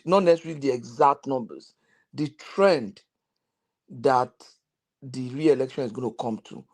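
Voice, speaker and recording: A man on a political panel, explaining his view in a measured way with examples. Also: mid-range voice.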